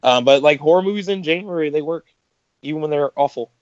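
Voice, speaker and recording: Male co-host, rambling casual talker, a bit high-pitched, dry close sound. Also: fast, darkish tone, dry recording, highs cut off. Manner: rambling, lots of "like" fillers. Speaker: podcast co-host. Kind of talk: casual chat about movies.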